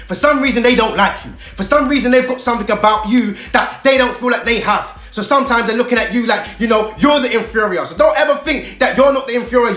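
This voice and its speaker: A man's voice: very high voice, sharp tone. A man delivering a heated, emphatic monologue to camera, full of repetition and street slang. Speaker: video blogger. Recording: roomy echo with faint music.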